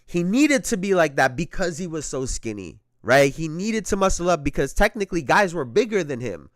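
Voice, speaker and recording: A man's voice: fairly high pitch, lively intonation, normal speed, dry recording, studio quality. A man hosting a sports podcast, talking casually and with a lot of profanity, often repeating himself and breaking into laughter.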